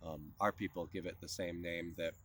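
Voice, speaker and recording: A man's voice: deep voice, fairly even intonation, moderate pace, fairly bright tone, breathy edge. A man presenting a tutorial outdoors at a plant patch, explaining step by step in an easygoing way. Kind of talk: casual outdoor teaching.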